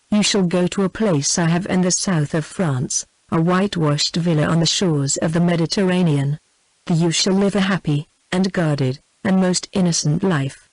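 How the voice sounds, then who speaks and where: A woman reading as a brooding passionate gentleman, British English. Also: on the low side, no room sound, natural voice, low-quality recording. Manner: even, unhurried synthetic reading. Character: brooding, passionate gentleman, middle-aged man.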